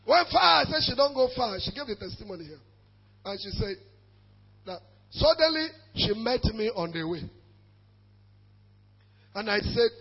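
A man preaching a sermon as pastor, emphatic, with shouted calls for the congregation to repeat after him. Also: high-pitched, sing-song, normal speed, long pauses, breathy edge, lo-fi sound.

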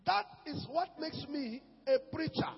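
A man preaching as a pastor, swinging between shouts and low murmurs. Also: measured pace, creaky. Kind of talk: sermon. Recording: echoey hall with dull sound and music.

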